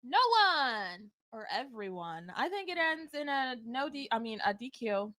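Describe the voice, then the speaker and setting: A woman's voice: on the high side, expressive, unhurried, sharp tone, no room sound. A woman with a Southern US accent co-hosting a casual podcast, giving easygoing, offhand opinions. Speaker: podcast co-host.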